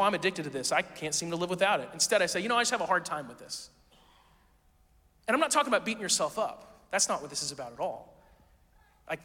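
A man's voice: high-pitched, bright, forceful tone, big-room sound. A man preaching a sermon as pastor, in a casual, conversational way full of rhetorical questions.

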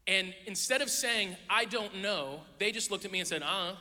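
A man telling humorous stories about himself to a live audience in a big hall. He talks in an animated, self-deprecating way and mimics other people's speech. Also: high voice, moderate pace, noisy background. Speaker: speaker addressing a live audience. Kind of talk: humorous personal storytelling talk. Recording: long hall reverb.

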